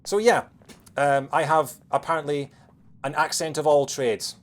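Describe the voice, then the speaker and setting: A man with a Scottish accent softened by years in England, chatting quickly while streaming a game, with lots of fillers and restarts. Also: on the high side, fairly even intonation. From Scotland. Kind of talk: casual chat while playing a game.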